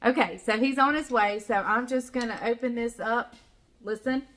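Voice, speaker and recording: A woman's voice: a little high, moderate pace, fairly bright tone. A woman with a Southern US accent hosting a casual home cooking vlog from her kitchen, chatty and folksy, laughing often. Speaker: cooking channel host.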